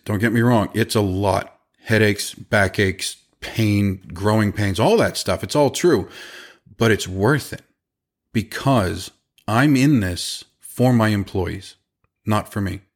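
Emphatic low-voiced man telling stories. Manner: emphatic, animated, rapid bursts. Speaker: podcast host and business owner. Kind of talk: casual storytelling monologue.

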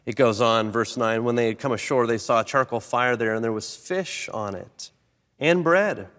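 A man preaching a sermon, animated, swinging between loud emphatic lines and soft low ones. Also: moderate pace. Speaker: pastor. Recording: long reverb of a large hall.

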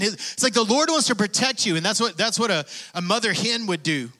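A pastor preaches a sermon in a high-sitting male voice, fairly quick, with a sharp tone and lively intonation. He reads scripture and spurs his listeners on with rising, emphatic bursts and calls of "come on."

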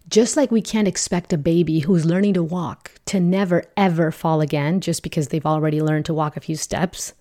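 Calm low-voiced woman explaining gently. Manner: gentle, patient and instructive, with shouted example quotes. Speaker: parenting podcast host. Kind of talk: calm explanatory podcast talk.

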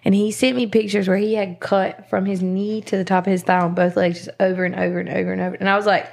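A woman's voice: medium pitch, level tone, quick pace, creaky, darkish tone. A woman hosting a podcast, telling stories bluntly and swearing freely in casual chat. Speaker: podcast host.

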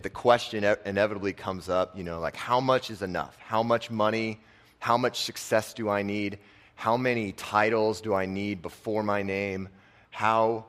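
A young man giving a casual, conversational sermon, dropping his voice soft on key lines. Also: fairly low pitch. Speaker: preacher and football coach.

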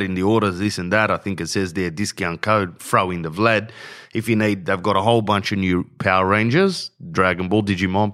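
A man's voice: deep voice, a bit bright. A man ranting bluntly in slangy casual talk, often saying "bro", as a podcast host. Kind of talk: casual rant.

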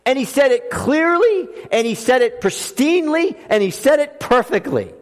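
A man preaching a sermon as pastor, swinging between loud emphatic lines and soft hushed ones. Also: extremely high pitch, sing-song, normal speed. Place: church sanctuary. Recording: long reverb of a church hall.

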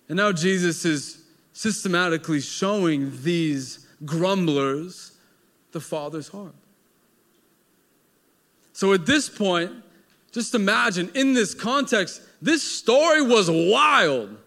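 A male pastor preaching a sermon with dramatic storytelling, swinging between loud emphasis and hushed moments. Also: high voice, animated, slow pace.

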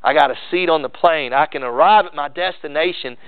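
A pastor preaching a sermon earnestly, mixing rising emphasis with conversational asides. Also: male voice, a little high, brisk, no room sound. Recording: dry tinny phone-like sound.

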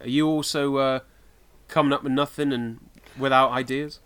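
A man's voice: mid-range voice, fairly even intonation, normal speed, a bit bright, clean tone. A man from the United Kingdom co-hosting a podcast in casual chat, rambling with lots of fillers and laughing often. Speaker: podcast co-host.

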